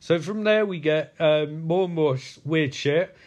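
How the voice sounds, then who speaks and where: A man's voice: fairly high pitch, a little slow, a little mellow, dull audio. A man giving a casual film recap in a crude, sarcastic, profane way.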